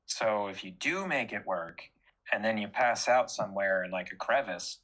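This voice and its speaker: A man co-host chatting on a podcast, with a husky, breathy texture to his voice. His tone is bright and forceful, and he explains things in a plain, matter-of-fact way. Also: on the low side, normal speed, rough recording. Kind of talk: casual conversational chat.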